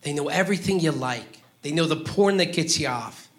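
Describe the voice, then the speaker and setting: A man doing a stand-up comedy routine, ranting profanely with sudden loud outbursts. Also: a little high, animated, a little fast.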